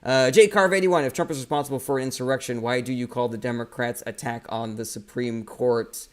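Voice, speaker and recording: Heated, profane man streaming. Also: mid-range voice. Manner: reads viewer comments aloud and answers them. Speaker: political livestream host. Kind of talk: casual livestream commentary.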